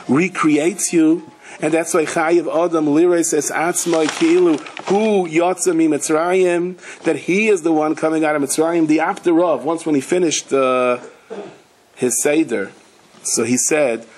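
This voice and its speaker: A man giving a Torah class as a rabbi, telling parables with animated delivery and acting out the people in his stories. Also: on the high side, normal speed, slight background noise, poor audio. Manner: animated storyteller, slips into character voices and Hebrew and Yiddish terms.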